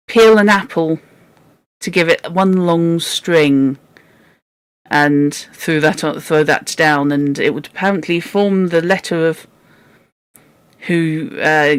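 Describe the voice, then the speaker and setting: A woman's voice: fairly low pitch, no room sound. Chatty woman reading aloud. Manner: chatty, self-deprecating. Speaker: book club reader and host. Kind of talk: casual read-aloud with chat.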